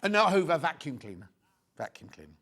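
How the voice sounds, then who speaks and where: A man's voice: on the high side, big pitch swings, fast talker, a bit bright. A middle-aged man presenting a live TV sales show, chatting in rambling, joking asides between prices. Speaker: shopping channel presenter.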